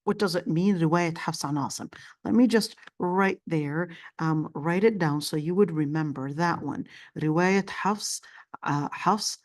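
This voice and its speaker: A woman's voice: lowish voice, unhurried. Woman teaching Quran commentary. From Palestinian family. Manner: explanatory, repeats words, frequent fillers. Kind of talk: classroom lecture.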